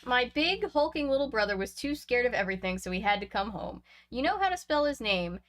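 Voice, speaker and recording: A woman's voice: fairly high pitch, big pitch swings, brisk, few pauses. A woman reading a book aloud, breaking off for chatty, laughing asides between passages. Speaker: reader of a book.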